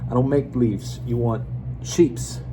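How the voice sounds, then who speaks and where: A man voicing a brash male butcher who hawks deals on AM radio, in a put-on New York accent and loud, rapid-fire sales patter. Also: mid-range voice, noisy background, close to an everyday voice. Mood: hawking.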